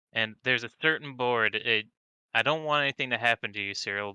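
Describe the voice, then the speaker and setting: A man playing his character in a tabletop game with a very bright, crisp voice. The sound is dry and close. He talks playfully while scheming. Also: medium pitch, no room sound, rough recording. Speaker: player. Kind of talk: in-character tabletop role-play.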